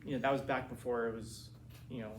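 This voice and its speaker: A man in his forties, a teacher, lecturing a class in a rambling, animated way with many restarts. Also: medium pitch, quick pace. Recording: roomy classroom from a distance, faint hiss.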